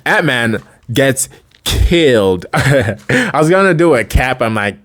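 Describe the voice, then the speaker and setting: A man's voice: mid-range voice, very animated, takes it slowly, a bit bright. A man giving casual, rambling commentary as a fan video creator, often correcting himself mid-sentence and chuckling between thoughts.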